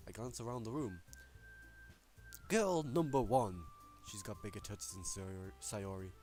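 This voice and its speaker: A man's voice: low-pitched, steady tone, brisk, soft background music. A young man hosting a let's play, reading game text aloud with casual, profane, self-mocking commentary. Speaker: gaming channel host.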